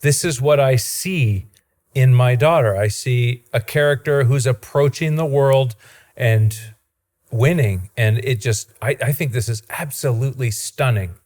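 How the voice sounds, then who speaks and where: A man from Ontario, hosting a podcast as an enthusiastic, animated storyteller. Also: medium pitch, unhurried. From Ontario, Canada. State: father. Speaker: podcast host. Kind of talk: casual chat.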